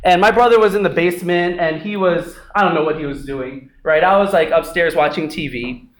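A man's voice: fairly high pitch, a little fast. A man preaching a sermon, praying and then telling a personal story in a conversational way, often adding "right?" to his sentences. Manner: conversational, frequent "right?" asides; animated storytelling, acts out voices. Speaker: pastor.

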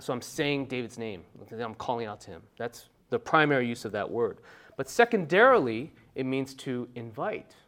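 Male pastor, sermon delivery, voice a bit on the high side, conversational asides, sudden loud emphatic bursts. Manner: emphatic, conversational preaching with frequent "right?" asides.

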